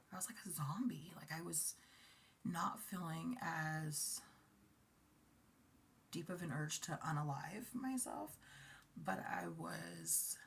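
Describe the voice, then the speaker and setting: A woman in her forties giving a personal, confessional talk to camera, speaking softly and haltingly, often near a whisper and emotional at times. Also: low-pitched, gravelly, a little hiss or hum. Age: 40s. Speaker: vlogger.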